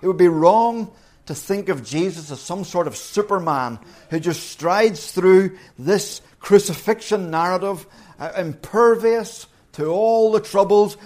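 A man preaching a sermon with earnest conviction. His voice sits somewhat high and swings in pitch as he retells the scene. He moves between urgent questions and quiet, gentle phrases.

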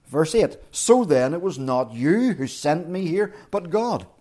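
A man's voice: on the high side, animated, measured pace, mellow. A middle-aged man preaching a sermon, retelling a story dramatically and acting out the quotes.

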